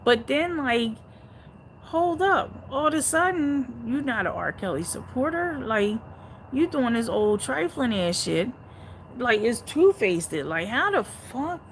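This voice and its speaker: A woman hosting a casual livestream, reading viewer comments aloud and reacting to them bluntly, with heavy swearing, swinging between low muttering and loud outbursts. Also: sing-song, a little slow, slight background noise, low-quality recording.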